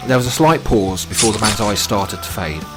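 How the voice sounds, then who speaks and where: A man reading a horror audiobook in a dramatic, measured way. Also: on the low side. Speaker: narrator. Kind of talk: scripted horror story narration. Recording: narration with loud music bed.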